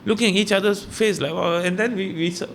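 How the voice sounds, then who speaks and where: A man with a Malaysian English accent, a stand-up comedian chatting casually in an interview, telling rambling, animated stories full of fillers. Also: sits high, brisk, vocal fry, a little hiss or hum.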